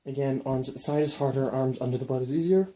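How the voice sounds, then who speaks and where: A young man explaining and demonstrating ab exercises in a casual, relaxed way while counting reps aloud. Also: medium pitch, fast talker. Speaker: fitness instructor.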